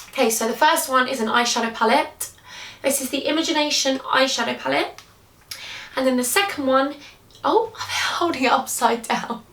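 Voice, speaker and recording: A young British woman talks in a gushing, teary rush, her voice sitting a little high. She sounds breathless with excitement as she vlogs. The room is echoey and she is heard from some distance away. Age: 20s. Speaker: beauty YouTuber. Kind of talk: emotional vlog announcement. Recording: roomy, from a distance.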